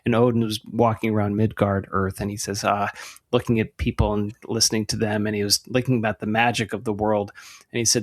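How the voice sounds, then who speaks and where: A man's voice: lowish voice, flat delivery, brisk. A man hosting a podcast interview, talking conversationally, affirming his guest and telling stories before asking questions. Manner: conversational, affirming, storytelling asides. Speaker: podcast host.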